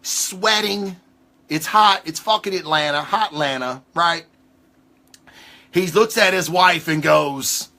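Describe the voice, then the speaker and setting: Excitable, cursing male host with a bright voice. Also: a little high, slow pace. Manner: rambling, excitable, heavy cursing. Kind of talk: casual monologue.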